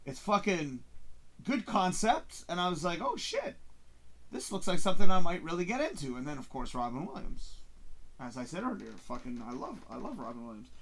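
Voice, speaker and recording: A man hosting a casual live-stream show, reviewing a movie in an excitable, profane way and acting out his own reactions. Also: fairly high pitch, brisk. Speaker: host.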